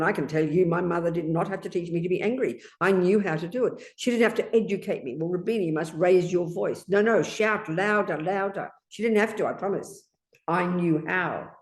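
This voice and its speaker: A woman's voice: fairly low pitch, a little mellow. A woman Buddhist teacher giving an emphatic dharma talk, often asking her listeners rhetorical questions. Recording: echoey room.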